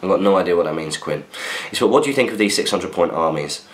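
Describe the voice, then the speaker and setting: A man's voice: low-pitched, lively intonation, quick pace. A man hosting a podcast, chatting casually as he reads out listener messages and answers them with asides. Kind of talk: casual chat. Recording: roomy echo.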